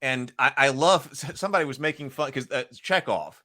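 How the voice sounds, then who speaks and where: A man hosting a casual film discussion podcast, chatty and quick to laugh. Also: medium pitch, sharp tone. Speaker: podcast host.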